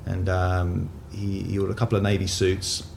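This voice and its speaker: Gravelly-voiced man telling stories. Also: sits low, moderate pace, slight background noise. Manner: animated storyteller. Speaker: tailoring business co-founder. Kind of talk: conversational anecdote telling.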